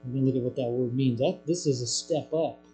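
A man preaching a sermon, swinging between hushed, low lines and loud, emphatic ones. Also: quick pace, soft background music, low-quality recording.

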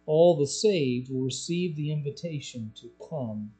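A man preaching a sermon, moving between soft, low explanation and loud, raised-pitch pleading. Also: expressive, a little slow, soft background music, rough recording. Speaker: pastor. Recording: mains hum behind voice.

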